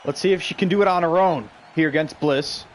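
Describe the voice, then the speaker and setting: A man calls video game wrestling matches in a loose, casual stream commentary. His voice sits a little high, and he gets excitable, shouting out the big moves before drifting into chat with viewers. A faint hiss runs underneath. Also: brisk, a faint crowd. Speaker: stream host and play-by-play commentator.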